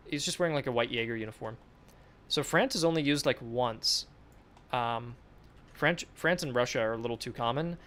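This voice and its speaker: A man's voice: medium pitch, fairly bright tone. A man on a dev livestream giving casual, mumbled feedback on artwork, repeating short approvals. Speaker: game developer streaming.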